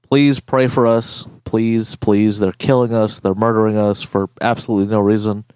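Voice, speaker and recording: A young man hosting a podcast, ranting in a casual, profane, animated way. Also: on the low side, moderate pace, clear, resonant tone, dry recording. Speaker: podcast host.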